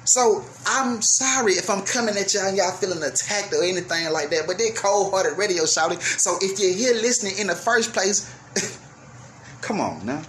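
A young man hosting a radio show, delivering a profane, heated rant that swings between yelling and apologizing. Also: sits high, lively intonation, normal speed, slight background noise. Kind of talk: ranting monologue.

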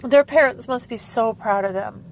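A woman fan vlogger chats casually with viewers in a casual fan vlog reaction, emotional and gushing, often laughing through tears. Her voice sits on the high side, and she speaks at normal speed.

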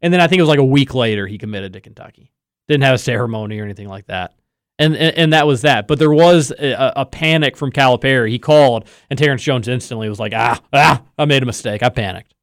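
A man hosting a sports podcast, telling a story in a lively casual way and acting out the quotes. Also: medium pitch, fast talker, smooth, no echo, studio quality. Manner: animated storyteller, acts out quotes. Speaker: podcast host.

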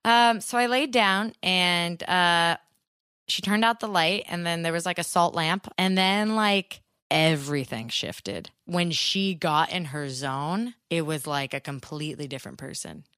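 A woman's voice: fairly low pitch, unhurried, a bit bright, clear, resonant tone, no room sound, clean studio sound. A young woman casually telling a long story, full of fillers like "like". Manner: rambling storyteller, many fillers like "like". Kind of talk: casual chat.

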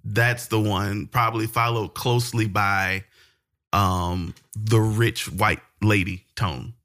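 A man co-hosting a casual podcast, telling stories in a relaxed way with frequent fillers. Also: on the low side, takes it slowly. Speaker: podcast co-host.

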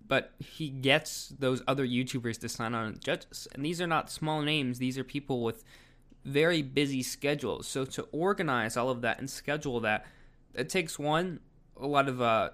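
A man's voice: medium pitch, a bit bright. A man giving casual video commentary, rambling with lots of fillers. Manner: rambling, filler-heavy delivery.

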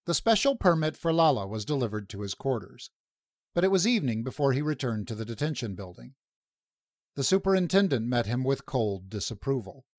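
A man reading a science fiction story aloud in a measured, even narration. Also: mid-range voice, dry recording, studio quality. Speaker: audiobook narrator. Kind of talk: scripted narration.

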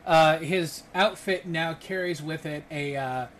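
A man narrating a tabletop game as game master, describing scenes at an easy pace and pausing often with fillers. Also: on the high side, slight background noise. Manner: relaxed narration with frequent fillers.

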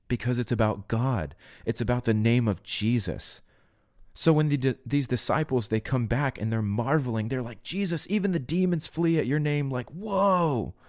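A man's voice: mid-range voice, darkish tone, no echo, studio quality. A man hosting a solo podcast, preaching earnestly and pleading with listeners, often acting out the voices he quotes.

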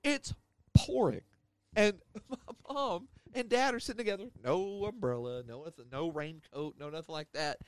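A man's voice: high voice, normal speed, smooth, no room sound. A young man hosting a podcast, telling a story in casual chat, swearing freely and acting out what people said. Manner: animated storyteller who swears freely and acts out quotes. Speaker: podcast host.

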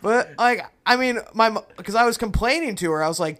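A man's voice: high-pitched, lively intonation, a little fast, hardly any pauses, fairly bright tone. A man co-hosting a podcast, telling a rambling story with many fillers. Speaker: podcast co-host. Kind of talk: casual storytelling chat.

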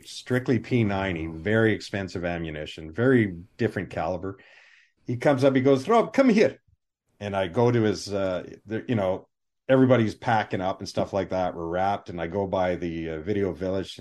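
Low-voiced man telling set stories. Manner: animated anecdotes with voiced quotes. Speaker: film armorer guest. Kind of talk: live interview storytelling.

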